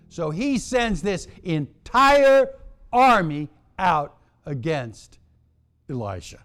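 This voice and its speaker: Slow, emphatic male preacher. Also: fairly high pitch. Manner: deliberate, emphatic, dramatic storytelling. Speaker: pastor. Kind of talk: sermon.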